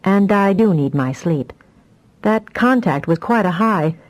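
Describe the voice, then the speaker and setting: A woman voicing a dramatic, quick-tempered young woman telepath in an audiobook. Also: medium pitch, expressive, lightly acted. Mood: rueful.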